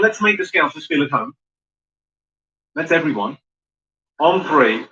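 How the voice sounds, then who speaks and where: A man's voice: fairly high pitch, expressive, fast talker, pushed and bright. A man doing a stand-up routine, dry and crude, teasing the crowd from a comedy club stage. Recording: muffled live recording with noise.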